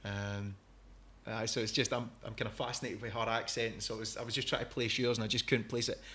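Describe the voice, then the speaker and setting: A man's voice: lowish voice, little pitch movement, fast talker, pushed and bright, a little hiss or hum. A man with a Scottish accent hosting a podcast, chatting casually and rambling a little as he sets up his questions. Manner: chatty, rambling, laughs easily. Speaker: podcast host. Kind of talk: casual interview chat.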